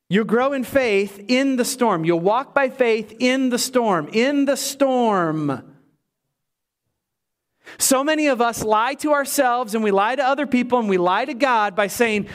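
Man, pastor, high voice, animated sermon, acts out the story. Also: slow pace. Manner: animated preaching, voices Bible characters.

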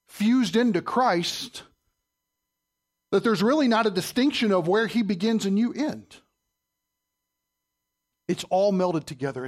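A man preaching a sermon in church, quizzing his listeners and swinging between loud and soft. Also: sits high. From Southern United States. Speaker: pastor.

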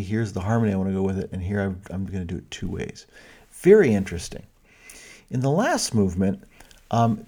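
Thoughtful man lecturing on music, slightly low-pitched. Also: warm tone. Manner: thoughtful, many fillers and restarts, counts and sings rhythms aloud. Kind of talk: explanatory lecture with sung rhythm examples.

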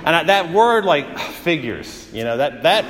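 A man's voice: a little high, big pitch swings, unhurried, fairly bright tone. Man preaching in a reverberant hall. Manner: conversational preaching with frequent uh fillers and vivid everyday examples. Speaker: pastor. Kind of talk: sermon.

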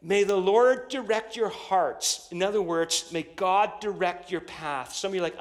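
A man preaching a sermon as pastor, leading the congregation in call-and-response and building to shouted declarations. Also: high voice, unhurried.

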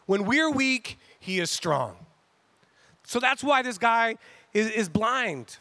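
A man with a high, bright voice preaches in a relaxed, chatty way, slipping into little acted-out voices for the people in his story. The sound is dry and close. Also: measured pace, no room sound. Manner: conversational and animated, acting out quotes. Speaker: pastor. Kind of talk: casual sermon.

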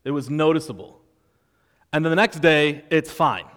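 A man's voice: a little high, moderate pace, fairly bright tone, long reverb tail. A man preaching a sermon in a conversational, wry way, walking through a passage. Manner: conversational, wry, acts out quoted voices. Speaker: pastor.

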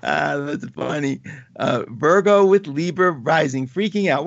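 Man, astrology show host, gravelly voice, dry dull lo-fi sound, animated and chatty. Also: on the high side, a little slow, no room sound. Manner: animated, laughs often, chatty. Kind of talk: live chat reading viewer comments.

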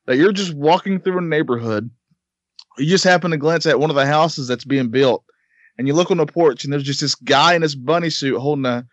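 A man's voice: on the high side, brisk, no room sound, lo-fi sound. A man joining a casual podcast chat with dry, joking remarks.

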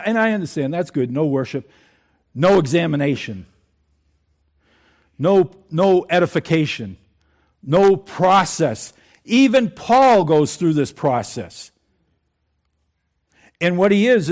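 A man preaching a sermon in a conversational way, asking his congregation questions. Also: high voice. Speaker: pastor.

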